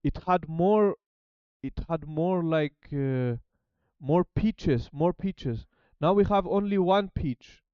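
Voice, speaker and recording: A man's voice: on the high side, slow pace, smooth, no echo, highs cut off. A man with a Greek accent, a native Greek speaker, talking casually as he studies a language and thinks aloud with many restarts. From Greece. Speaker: language learner documenting his study. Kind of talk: casual self-study talk.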